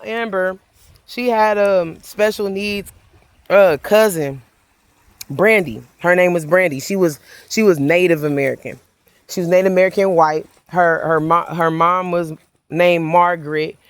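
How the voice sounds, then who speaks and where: A woman's voice: low-pitched, no echo. A woman giving an emotional, rambling spiritual monologue as a self-described prophet, preachy and swearing freely.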